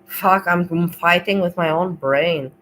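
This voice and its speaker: A woman's voice: lowish voice, measured pace, fairly bright tone, slight background noise, rough recording. A woman hosting a livestream, chatting casually in a rambling, emotional way and swearing freely. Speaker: livestream host.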